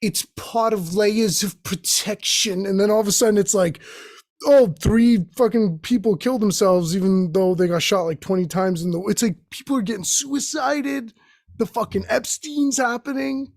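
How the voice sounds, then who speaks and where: A man's voice: high voice, moderate pace, darkish tone, no room sound, clean studio sound. A young man hosting his own show, riffing profanely in a rambling comedic monologue that jumps between tangents. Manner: profane, tangent-jumping, acts out quoted voices. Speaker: host.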